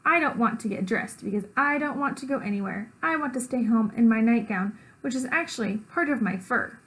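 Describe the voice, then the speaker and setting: Teacher lady reading a kids' book out loud, bit high voice, does the voices. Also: brisk, low-quality recording. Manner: expressive, puts on character voices and woofs. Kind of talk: storybook read-aloud.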